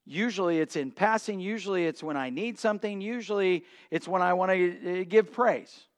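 Male pastor with a high voice, preaching to a congregation in a chatty, conversational way. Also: normal speed. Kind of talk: sermon.

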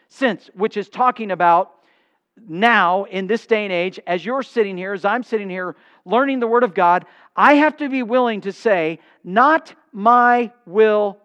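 An older man preaching a sermon as pastor, emphatic, with dramatic pauses and acted-out exchanges. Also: sits high, a bit bright, muffled recording.

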